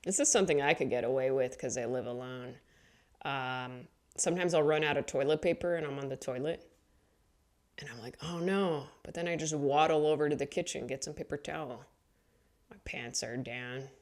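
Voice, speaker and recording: A woman comedian telling rambling stories in a casual, mumbly way and acting out quotes in higher voices. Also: normal speed, darkish tone. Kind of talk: casual comedic storytelling monologue.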